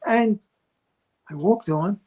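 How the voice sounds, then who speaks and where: An older man, a veteran stand-up comedian, telling animated stories and acting out the people in them. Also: sits high, slow. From Philadelphia area. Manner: acts out other people in his stories. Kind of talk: animated storytelling.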